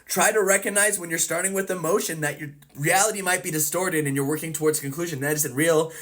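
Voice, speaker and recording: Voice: medium pitch, fairly even intonation, fast talker, a bit bright. A therapist explaining a psychology topic with everyday examples, acting out the thoughts of the people in them. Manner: acts out people's inner thoughts. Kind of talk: educational explainer video.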